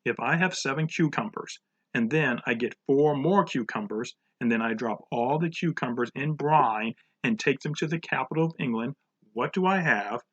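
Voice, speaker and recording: A man's voice: moderate pace, fairly bright tone, husky, muffled recording. A man voicing a stern, short-tempered female schoolteacher who scolds in a raised, mocking voice. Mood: scolding. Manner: snapping, mocking, high-pitched scolding.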